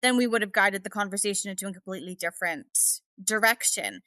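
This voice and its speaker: A woman on a podcast calmly explaining how a receptionist should guide a call, assured and clear. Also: mid-range voice, fast talker, no room sound. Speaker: podcast guest, front-desk expert. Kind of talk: casual podcast discussion.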